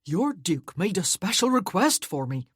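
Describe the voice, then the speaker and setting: A man's voice: high voice, big pitch swings, unhurried, fairly bright tone, husky, no echo, studio quality, full character voice. A woman voicing a cheerful, talkative young footman who chatters eagerly.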